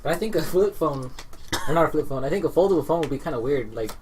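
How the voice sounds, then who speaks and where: A young man in a casual chat with friends, tossing in quick, offhand remarks. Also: on the high side, expressive, noisy background. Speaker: podcast regular.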